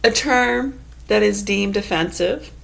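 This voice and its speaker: A woman's voice: medium pitch, takes it slowly, gravelly, a bit bright. A woman in a casual vlog who reads definitions aloud and riffs on them sarcastically, swearing freely. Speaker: vlogger. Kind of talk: casual musing monologue.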